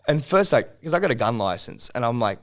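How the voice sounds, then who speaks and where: A man's voice: medium pitch, sing-song, fairly quick, fairly bright tone. An Australian man, a music video producer, tells a story on a casual podcast, swearing freely and rambling with frequent laughs. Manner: profane, rambling, laughs often.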